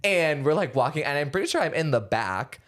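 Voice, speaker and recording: A young man co-hosting a podcast, telling a story in casual chat, animated and swearing, with lots of filler words. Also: a little high, a little fast. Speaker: podcast co-host.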